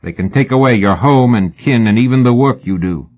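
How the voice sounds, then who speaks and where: A man voicing a sly, lean Victorian London swindler who talks low and soberly. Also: fairly quick, close to an everyday voice. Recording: phone-like narrow band.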